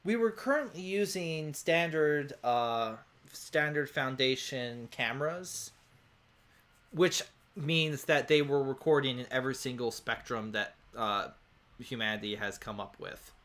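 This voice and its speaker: A man's voice: mid-range voice, unhurried, fairly bright tone, lightly acted. A man doing a matter-of-fact female scientist.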